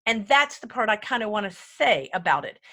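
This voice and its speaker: A woman's voice: medium pitch, big pitch swings, brisk, pushed and bright. A woman giving a casual online music lesson, chatty and enthusiastic, wandering off topic and counting beats aloud as she plays a keyboard. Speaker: music lecturer. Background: faint keyboard playing.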